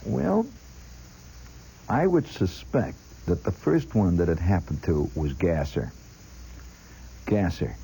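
A man's voice: sits low, animated, slow, gravelly, pauses often, mellow, husky, poor audio. A man telling a long personal story as a chatty monologue, talking straight to the listener and mimicking sounds along the way. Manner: chatty, addresses the listener directly; imitates sounds with his voice.

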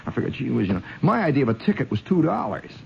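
Animated, chuckling male storyteller from Indiana. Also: medium pitch, racing, creaky, a little hiss or hum, low-quality recording. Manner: animated, chuckling, with asides to the listener. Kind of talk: spoken storytelling monologue.

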